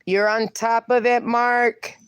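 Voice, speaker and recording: A woman's voice: fairly high pitch, flat delivery, slow pace, clean tone, dry recording. A woman hosting a casual live stream outdoors with her dogs, chatting and reading viewer comments aloud, slipping into baby talk for her pups. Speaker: livestream host.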